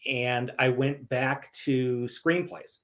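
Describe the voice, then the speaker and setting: A man's voice: medium pitch, takes it slowly. A man from Canada, a guest author in a casual interview, telling stories and acting out the voices of the people he quotes. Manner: animated storyteller, acts out quoted voices.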